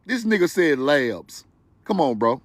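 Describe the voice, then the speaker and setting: A man talking to his livestream viewers in a high, lively voice that swings up and down a lot. His delivery is slow and drawn out, preachy and joking at once. The sound is dry and close. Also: no echo. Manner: animated, preachy and joking, laughs loudly; talks to viewers directly. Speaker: livestream host. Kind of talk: excited livestream commentary.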